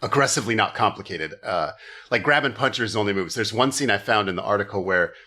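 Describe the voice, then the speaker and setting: A man's voice: fairly low pitch, lively intonation, quick pace, pushed and bright. A man hosting a comedy podcast, joking and riffing casually, with the odd swear. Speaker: podcast host.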